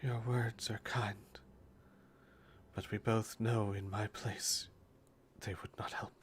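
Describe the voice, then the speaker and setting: A man voicing a sorrowful, resolute woman who speaks in a hushed, pleading way. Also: on the low side, level tone, slow pace, a little hiss or hum. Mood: sad, hushed.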